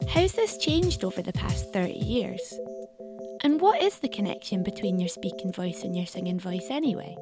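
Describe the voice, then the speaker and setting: A woman hosting a documentary podcast, narrating from a script and asking interview questions in a clear, measured way. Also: mid-range voice, lively intonation, over music.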